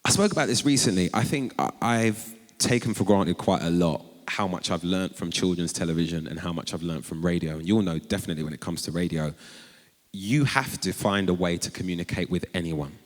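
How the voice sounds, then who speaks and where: A low-voiced man tells stories on stage, animated and quick to leap into high-pitched quoted exclamations. His voice rings out with a long reverb through a large chapel hall. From North London. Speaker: author and guest. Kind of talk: conversational storytelling on stage. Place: large chapel before a live audience.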